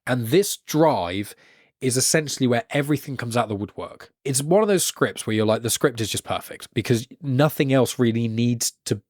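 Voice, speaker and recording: A man talking casually as a podcast guest, rambling and trailing off quietly at the ends of his phrases. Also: mid-range voice, lively intonation, moderate pace, no echo, studio quality.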